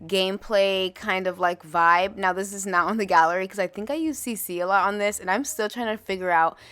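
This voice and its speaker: A woman's voice: medium pitch, fairly quick, a bit bright. A woman giving a casual gameplay voice-over in a chatty, rambling way that questions itself. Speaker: YouTube host.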